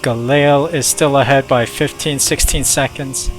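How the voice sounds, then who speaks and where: A young man, a gaming YouTuber, giving casual commentary as he plays with chatty, excitable reactions. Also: mid-range voice, a little slow, faint music behind.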